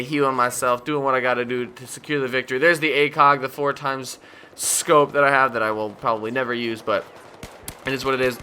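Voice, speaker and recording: This is a man voicing casual commentary over a gameplay video. His voice is bright and sharp, and he rambles from thought to thought. He cracks jokes at his own expense. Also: medium pitch, a little hiss or hum. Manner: rambling, jokey, self-mocking; drowsy, yawning at times.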